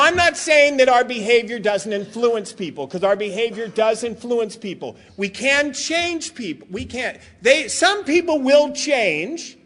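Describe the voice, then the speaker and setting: A man's voice: extremely high pitch, pushed and bright. A middle-aged man giving a comic storytelling talk as a recovery meeting speaker, joking, laughing often and acting out his own lines. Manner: laughs often while telling stories.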